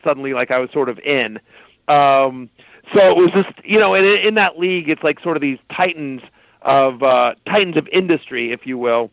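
A man guest telling a story in casual talk, animated and loose, full of fillers. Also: fairly high pitch, no room sound, muffled recording.

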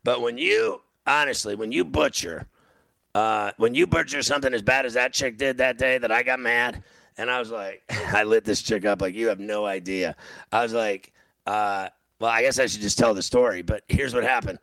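A man with a gravelly, bright-edged voice hosts a sports radio show. He rambles through a story in casual banter, laughing as he goes. The studio sound is dry and close. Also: on the low side, normal speed, dry recording.

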